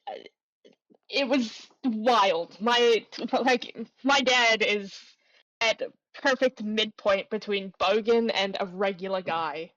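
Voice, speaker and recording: Woman, from Australia, slow, hesitant, somewhat high voice, dry muffled lo-fi recording. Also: fairly bright tone, no room sound. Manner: unhurried, hesitant, with many fillers. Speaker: podcast co-host. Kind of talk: casual chat. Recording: slightly muffled lo-fi mic.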